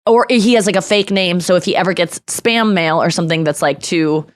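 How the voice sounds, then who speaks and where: A woman hosting a podcast in casual chat, candid and confessional, talking quickly with laughs and nursing an irritated throat. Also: fairly low pitch, no echo, clean studio sound. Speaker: podcast host.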